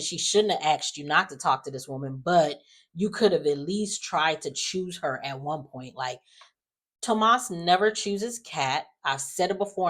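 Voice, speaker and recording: A woman chatting casually in a sassy, animated way, sighing and acting out lines in quotes. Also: low voice. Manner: animated, sassy, acts out characters in quotes, frequent sighs. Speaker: soap opera recap vlogger. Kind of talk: casual recap chat.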